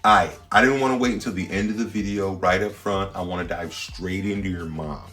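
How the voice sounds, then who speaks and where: A man, a standup comedian hosting his own show, rambling through a slangy, playful comedic monologue with sudden loud jumps. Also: low voice, fairly even intonation, fairly quick, faint music behind.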